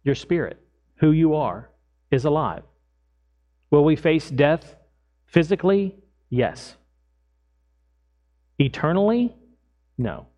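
A middle-aged man preaches from the pulpit, his voice sitting a touch high for a man. He tells everyday stories with animated energy, raising his voice as he plays out his own part in them. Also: slow pace, pauses often, muffled recording. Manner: animated storytelling, acts out his own lines loudly. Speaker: pastor. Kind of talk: sermon with personal stories.

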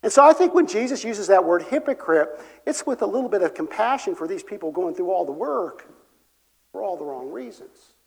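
A man preaching a sermon as pastor, earnest, moving between emphatic and soft delivery. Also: sits high, very animated, a little fast, creaky, husky. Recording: long reverb of a large hall.

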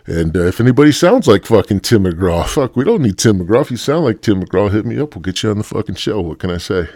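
A man's voice: lowish voice, very animated, quick pace, dark tone, no room sound. A male podcast host rambling bluntly through a profane solo rant. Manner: rambling, heavy swearing, blunt.

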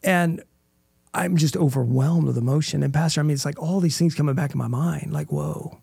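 A man's voice: a little high, brisk, vocal fry, warm tone, husky, dry recording, clean studio sound. A middle-aged man, a guest in an interview, telling an emotional personal story in an earnest way and often checking in with "right?".

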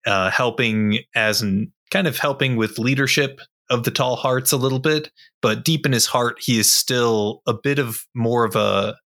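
A man describing his character in a tabletop game, thoughtful and unhurried. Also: medium pitch, sharp tone. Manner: slow, thoughtful with fillers. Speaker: player.

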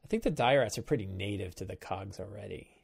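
A man hosting a game-prep show, thinking aloud while he plans a tabletop session, musing in halting stops and restarts. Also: on the low side, expressive, creaky, breathy edge.

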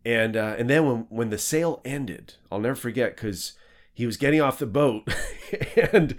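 A man's voice: medium pitch, normal speed. A male podcast host telling a long story in a casual interview, rambling and correcting himself, and laughing as he goes. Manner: animated, laughs while telling stories.

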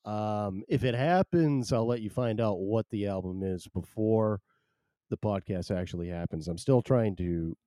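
Chatting on a laid-back live podcast from his home, the host rambles along and turns jokes on himself. His lowish voice has a measured pace and a dark tone. The dry, studio-quality recording comes through headphones and a desk mic.

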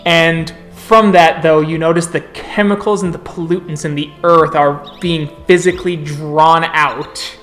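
A storyteller narrating a tabletop roleplaying game in an unhurried, descriptive way. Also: mid-range voice, fairly even intonation, a bit bright, faint music behind.

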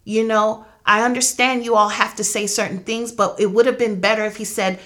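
Brief: young adult woman, grieving mother, earnest and intense, bright voice, tells her story as an interview guest. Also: fairly high pitch, steady tone, fairly quick. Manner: earnest, intense, reenacts dialogue. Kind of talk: emotional personal testimony.

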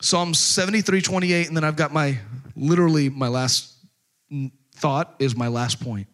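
Bright-voiced joking preacher man. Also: on the high side, moderate pace. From Texas. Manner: joking, conversational preaching with rhetorical questions. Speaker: pastor. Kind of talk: sermon.

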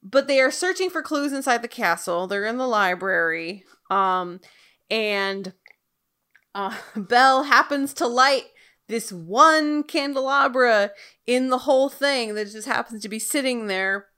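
Bright-voiced chatty woman co-host. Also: on the high side, measured pace, smooth. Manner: chatty, animated, laughs often. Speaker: podcast co-host. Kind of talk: casual chat.

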